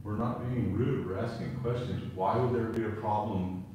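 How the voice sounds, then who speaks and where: A man's voice: fairly low pitch, moderate pace, warm tone, a little hiss or hum. Guy pressing with questions, echoey room, kinda far away. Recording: echoey, from afar.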